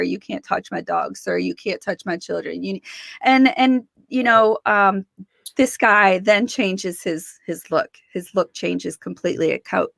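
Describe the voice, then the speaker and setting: Gravelly-voiced woman telling stories. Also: mid-range voice, dry recording, clean studio sound. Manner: animated, acts out quoted voices, laughs often. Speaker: guest. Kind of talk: casual storytelling interview.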